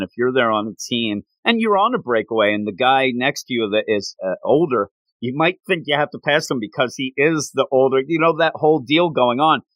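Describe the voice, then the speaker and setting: A man hosting a casual chat recapping an anime, talking in a rambling, animated way and laughing often. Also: medium pitch, dry recording, low-quality recording.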